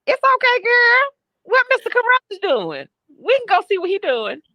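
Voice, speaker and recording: A woman's voice: extremely high pitch, huge pitch swings, normal speed, sharp tone, no echo. A woman from Georgia calling into a livestream chat as a guest, teasing and gossipy. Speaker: call-in guest.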